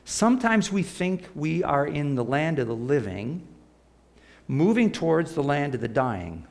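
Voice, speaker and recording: A man preaching a sermon, animated, piling up words and dropping to a soft hush for emphasis. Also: on the high side, measured pace, gravelly.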